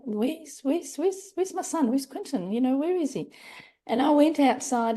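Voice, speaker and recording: A woman's voice: mid-range voice, mellow. A middle-aged woman speaking earnestly as a guest in a podcast interview, acting out quoted phrases. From Australia. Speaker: grief coach, guest.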